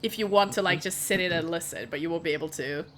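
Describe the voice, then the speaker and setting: A woman's voice: lowish voice, fast talker, a bit bright. A woman narrating a tabletop game as game master, casual and rambling with many fillers.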